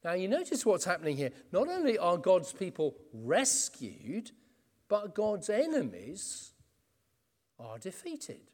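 A man's voice: high voice, huge pitch swings, slow, a little mellow. A man preaching an earnest expository sermon. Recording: long reverb in a church hall.

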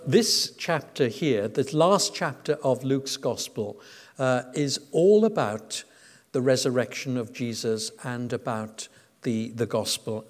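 A man preaching a sermon in a conversational manner, with frequent fillers and restarts. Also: medium pitch. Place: church. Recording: church with long reverb.

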